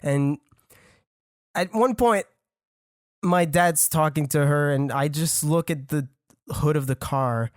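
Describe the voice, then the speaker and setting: A man's voice: a little high, slow, pauses often, dry recording, studio quality. A young man in his twenties with a French accent, a native French speaker, telling a rambling, profane story in casual podcast chat with frequent laughs. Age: 20s. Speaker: podcast guest.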